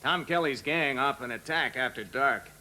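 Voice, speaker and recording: An actor playing a straight-laced masked cowboy hero, deadpan and puzzled. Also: male voice, medium pitch, moderate pace, slight background noise.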